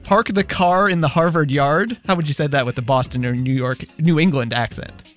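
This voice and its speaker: A man co-hosting a radio show, reading trivia questions in a brisk, even manner. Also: a little high, soft background music.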